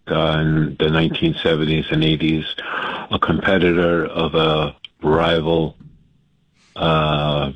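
Male caller, extremely deep voice, earnest and hesitant, muffled line. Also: no room sound. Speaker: radio caller. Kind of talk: call-in radio talk.

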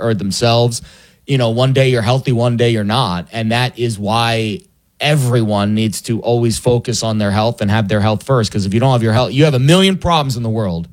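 A man on casual sports talk, earnest and hesitant, restarting phrases and filling with ums. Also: mid-range voice.

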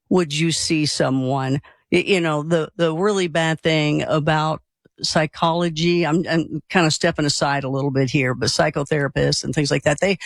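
A man's voice: fairly high pitch, no room sound, studio quality. A man interviewing a hypnotist, asking friendly, rambling questions.

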